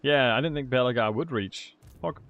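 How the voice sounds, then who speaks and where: A man's voice: mid-range voice, moderate pace, highs cut off, faint music behind. A man giving casual commentary while playing a strategy game, chatting and thinking aloud. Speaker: gaming streamer.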